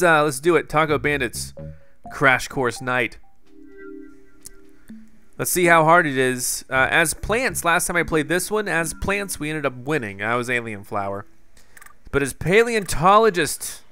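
A young man giving excitable live commentary on a video game, talking to his viewers with jumpy exclamations. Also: medium pitch. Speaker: gaming YouTuber.

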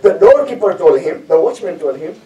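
A man's voice: high-pitched, sing-song, fairly quick, mellow. A man giving a storytelling sermon as lecturer, repeating phrases for emphasis and asking rhetorical questions. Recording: echoey hall, distant mic.

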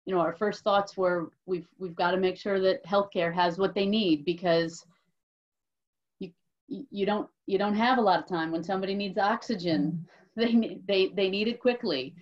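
A woman's voice: mid-range voice, moderate pace. A woman lawmaker answering a question at a virtual town hall, opening with thanks and stumbling over many restarts. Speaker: legislative leader. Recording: dull lo-fi call audio.

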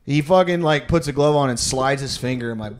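Brief: young guy, podcast co-host, crude rambling storyteller, does quick voices of other people. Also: mid-range voice. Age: young adult. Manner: rambling, crude, animated, mimics a drawling old doctor. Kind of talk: casual comedic storytelling.

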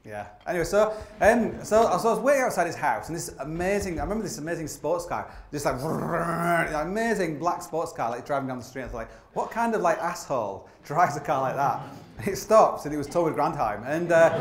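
A man tells stories on a theatre stage, rambling and self-deprecating with constant restarts. His voice sits a little high. The sound is roomy and echoey, with a faint hum underneath. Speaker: climber telling stories on stage. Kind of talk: live comedic storytelling talk. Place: theatre stage before an audience.

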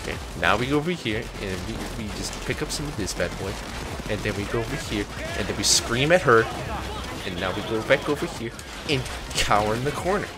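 Lively young man streaming a game. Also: fairly low pitch, a little fast. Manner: joking, swearing, riffing on the game in silly quoted voices. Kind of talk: gameplay commentary.

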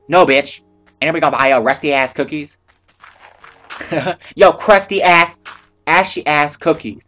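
A man's voice: fairly high pitch, normal speed, fairly bright tone, soft background music. Rambling profane man narrating gameplay. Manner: rambling, profane, talks to himself. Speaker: gameplay commentator. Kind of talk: casual let's-play commentary.

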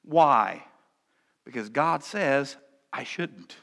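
Bright-voiced preacher in a reverberant church. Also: male voice, mid-range voice, expressive, drawn-out words, vocal fry. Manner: swings between loud and quiet, with humorous asides. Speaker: pastor. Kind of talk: sermon. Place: church sanctuary.

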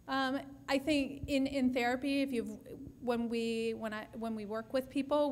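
High-pitched woman speech therapist answering questions, measured, keeps restarting sentences. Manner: explanatory, measured, with frequent restarts. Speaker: speech-language pathologist presenter. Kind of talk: answering audience questions at a breakout session.

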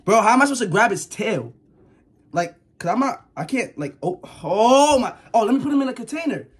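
Jumpy young guy rambling to his viewers, kinda husky, voice bounces all over. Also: high-pitched, very animated, quick pace, fairly bright tone. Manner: nervous, jumpy, rambling, slangy, yelps and laughs. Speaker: vlogger. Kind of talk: casual vlog talk to viewers.

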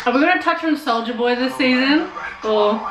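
A young woman hosting a reaction video, talking back at the screen with lots of swearing and excited outbursts. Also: sits high, fairly quick. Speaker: reaction channel host. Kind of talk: casual reaction commentary. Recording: roomy echo, TV sound under. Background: show audio playing from the TV.

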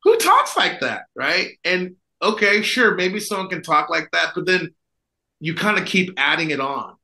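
Priest guy rambling on a podcast, bright forceful tone, lots of "you know"s. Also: a little high, normal speed, gravelly, rough recording. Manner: rambling, full of fillers and asides. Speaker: Orthodox priest, podcast co-host. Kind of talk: casual conversational chat.

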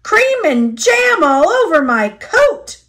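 A woman voicing a gruff male taxi driver in a storybook, growling and bitter. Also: a little high, slow, fairly bright tone.

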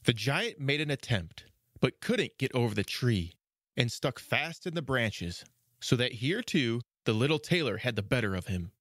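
A man narrating a fairy tale for a children's podcast, measured and expressive. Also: medium pitch, no echo, studio quality. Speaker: storyteller. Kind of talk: storybook narration.

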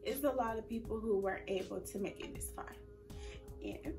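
A woman's voice: medium pitch, moderate pace, far from the mic, music in the background. A young woman in her early twenties talking casually to camera in a vlog, emotional and fighting back tears. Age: early 20s. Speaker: vlogger.

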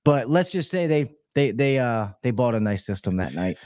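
A man's voice: medium pitch, sing-song, moderate pace, darkish tone, no echo, clean studio sound. Profane, rambling man telling work stories. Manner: profane, rambling storyteller with many restarts. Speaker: HVAC technician, podcast guest. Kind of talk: casual podcast chat.

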